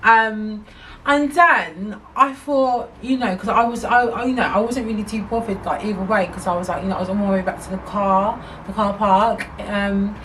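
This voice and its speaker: A woman telling a storytime vlog in a chatty, indignant, animated way. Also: medium pitch, normal speed. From England. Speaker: vlogger. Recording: slightly distant mic, faint noise.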